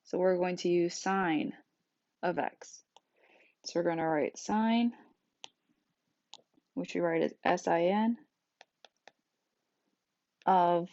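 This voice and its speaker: A woman's voice: on the low side, gravelly, a little mellow, dry recording. A woman teaching a math lesson, explaining each step patiently in a recorded screencast. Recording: dull dry lo-fi sound.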